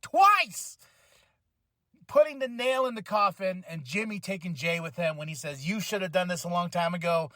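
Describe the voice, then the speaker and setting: Man, podcast host, rambling casual review, bright tense voice, close dry mic. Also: high-pitched, fairly quick, few pauses, no echo. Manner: excitable, rambling, swears freely, acts out quotes. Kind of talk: casual wrestling show review.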